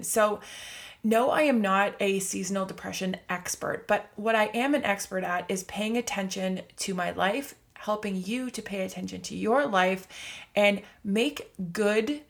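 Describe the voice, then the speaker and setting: Lady doing a motivational podcast, upbeat, chatty, says like a lot. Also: mid-range voice. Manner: upbeat and chatty, many fillers of "like". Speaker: podcast host. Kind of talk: casual motivational monologue.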